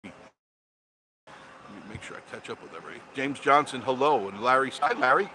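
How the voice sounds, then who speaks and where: Older man, casual live-stream host, mid-pitched voice, phone mic, outdoors, clear traffic noise. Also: expressive, brisk, pushed and bright, poor audio. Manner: chatty, greets viewers by name. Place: outdoors by a roadside attraction. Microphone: phone held for a live stream.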